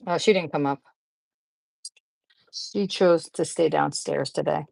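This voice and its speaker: A woman's voice: sits low, measured pace, gravelly, pauses often, a little mellow, no room sound. A woman hosting a casual live craft chat, rambling and chatty as she sorts supplies, often laughing and greeting viewers by name. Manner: rambling, chatty, talks while fiddling with supplies. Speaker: craft channel host.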